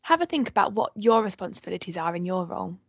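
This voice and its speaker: Calm woman presenting a training workshop. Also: on the low side, quick pace, dry recording, highs cut off.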